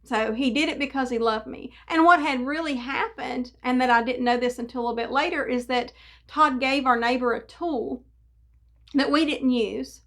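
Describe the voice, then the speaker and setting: A woman's voice: high voice, moderate pace, fairly bright tone. A middle-aged woman giving a personal devotional testimony, telling her story earnestly with fillers and restarts. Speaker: devotional speaker.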